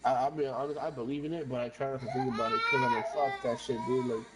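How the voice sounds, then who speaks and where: A woman's voice: rumbling low, fairly even intonation, fast talker. A woman, telling a long rambling story with lots of swearing and some Spanish while gaming. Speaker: streamer. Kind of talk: casual chat while gaming.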